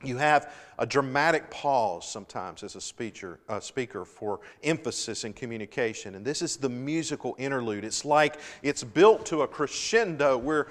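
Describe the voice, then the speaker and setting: A middle-aged man preaching a sermon as pastor, earnest, building to emphatic swells and then easing into quiet pauses. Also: medium pitch, expressive. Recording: long hall reverb.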